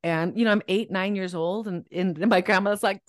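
Lively woman telling stories, dry sound. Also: mid-range voice, normal speed, no room sound. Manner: lively storyteller, acts out quoted voices, laughs often. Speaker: guest author. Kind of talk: casual podcast interview.

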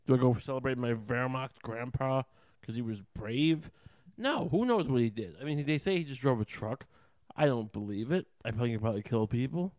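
A man delivers a rambling solo rant as a podcast host, swearing freely and turning heated. His voice sits at an ordinary middle pitch. It is recorded close and dry, with no room sound. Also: animated, moderate pace, darkish tone, no room sound.

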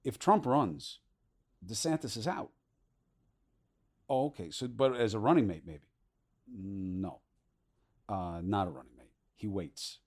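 Quick, chatty male podcast host. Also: lowish voice, lively intonation, a little mellow. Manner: quick, conversational, with many fillers. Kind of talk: podcast interview conversation.

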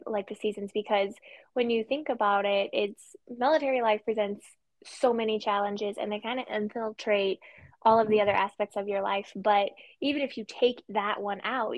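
A woman, a military spouse, chatting casually on a podcast in a lively way, laughing often and acting out what people say. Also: medium pitch, no echo. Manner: lively, acts out quoted voices, laughs often.

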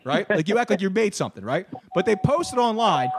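Animated Philly man ranting on a podcast. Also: sits high, quick pace, noisy background. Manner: animated ranter, swears, shouts punchlines. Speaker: podcast co-host. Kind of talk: casual ranting chat.

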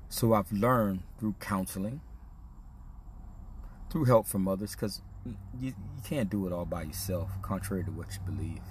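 A man with a low voice tells a candid personal story as a podcast host. His talk is casual and full of slang, turning reflective and confessional. A faint hiss sits under the voice. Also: normal speed, long pauses.

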